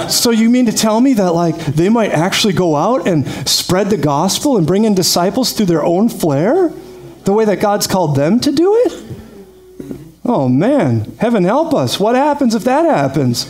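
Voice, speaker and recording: High-pitched, energetic male preacher. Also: normal speed. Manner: energetic, laughs often, calls out "praise God". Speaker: pastor. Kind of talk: sermon.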